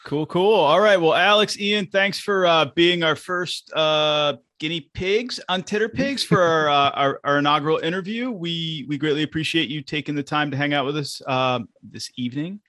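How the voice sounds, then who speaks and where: A man's voice: fairly high pitch, moderate pace, few pauses, bright, forceful tone, dry recording. A man co-hosting a podcast, friendly as he thanks the guests. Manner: friendly, wraps up formally. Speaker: podcast co-host. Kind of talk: casual interview chat.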